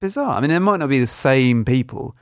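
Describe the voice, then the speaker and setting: A man's voice: medium pitch, animated, brisk, no room sound. A man co-hosting a podcast in casual chat, with dry, wry remarks. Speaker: podcast co-host.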